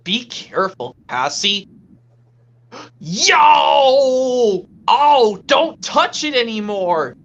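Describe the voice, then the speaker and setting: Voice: medium pitch, very animated, drawn-out words, fairly bright tone, dull audio, voice pushed up, exaggerated voice. A speaker doing an impression of a whiny little cartoon kid, yelping and complaining. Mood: hurt, whiny.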